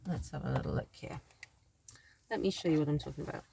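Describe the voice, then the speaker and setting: A woman's voice: deep voice, fast, creaky, long pauses, background noise. A woman teaching a language lesson in a chatty, thinking-aloud way, often correcting herself as she explains. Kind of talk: casual spoken lesson.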